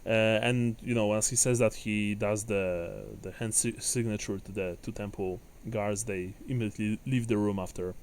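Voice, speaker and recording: A man's voice: on the low side, steady tone, darkish tone, slight background noise. A man running a tabletop game as game master, narrating with frequent fillers and restarts. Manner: halting, many fillers and restarts.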